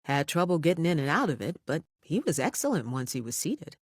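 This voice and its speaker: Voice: mid-range voice, very animated, a little fast, no echo. Narrator as blunt realtor woman, guarded, matter-of-fact, dry close sound.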